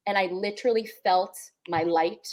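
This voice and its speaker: A woman's voice: medium pitch, fairly even intonation, moderate pace, darkish tone. Earnest, emotional young woman sharing openly. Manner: earnest, emotional, repeats words for emphasis. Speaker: podcast co-host. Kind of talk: heartfelt spiritual podcast chat.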